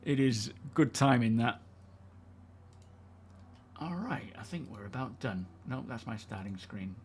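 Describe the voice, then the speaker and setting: A man streaming a game, chatting in a relaxed, rambling way with plenty of fillers and friendly thanks to his viewers. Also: mid-range voice, measured pace, a little hiss or hum. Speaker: game livestreamer. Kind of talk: casual livestream chat.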